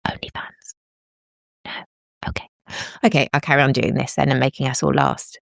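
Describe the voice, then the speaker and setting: A woman's voice: extremely low pitch, little pitch movement, fast talker, vocal fry, no room sound, studio quality. A woman hosting a casual live stream from home into a microphone, rambling and joking at her own expense as she talks with viewers. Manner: rambling, joking, self-mocking, chatty. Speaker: livestream host. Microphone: plugged-in microphone with headphones.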